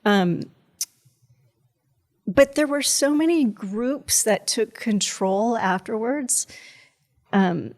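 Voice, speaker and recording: A woman's voice: on the high side, very slow, pauses often, darkish tone. Chatty rambling woman guest. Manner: chatty, rambling, peppered with "like" and laughs. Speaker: podcast guest, cybersecurity strategist. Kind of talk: casual conversation.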